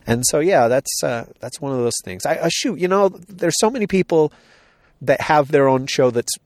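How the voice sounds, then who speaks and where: Lively, animated man chatting. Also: fairly high pitch, normal speed, dry recording, studio quality. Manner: animated, rambling with restarts. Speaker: podcast co-host. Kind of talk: casual chat. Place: outdoors on a hill.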